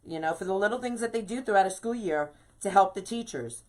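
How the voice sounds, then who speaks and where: A woman's voice: medium pitch, expressive, fast, a little mellow. A woman from New York hosting a live craft stream, chatting bubbly and casual and greeting viewers by name.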